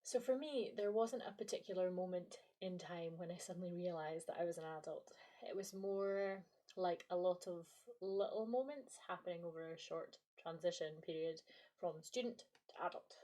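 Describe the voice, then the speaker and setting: A woman's voice: lowish voice, normal speed, warm tone. A Scottish woman in her late twenties or thirties, hosting a podcast with a reflective, playful, self-deprecating monologue. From Scottish Highlands. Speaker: podcast host and lecturer.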